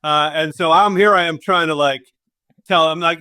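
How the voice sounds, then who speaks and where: A man's voice: a little high, steady tone, fairly quick, pushed and bright, no room sound, studio quality. A man from southern India hosting a podcast, chatting in a rambling, teasing way full of ums and uhs. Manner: rambling, teasing, many fillers. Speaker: podcast host. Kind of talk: casual podcast chat.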